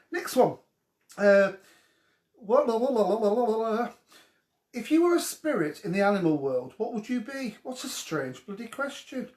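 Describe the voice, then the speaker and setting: Cheeky man hosting a live Q&A. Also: on the high side. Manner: cheeky, gossipy banter with viewers. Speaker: host of a live viewer question show. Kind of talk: casual live Q&A chat. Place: at home during lockdown. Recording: echoey room.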